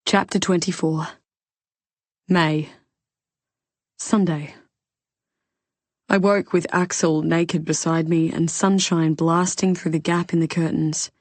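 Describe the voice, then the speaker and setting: Audiobook narrator: woman, low voice, expressive first-person reading, dry booth. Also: slow, long pauses, no echo.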